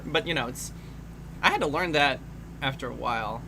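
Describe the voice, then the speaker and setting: A man's voice: medium pitch, expressive, moderate pace, gravelly, pushed and bright, slight background noise. A man giving casual film commentary, swearing freely and laughing often.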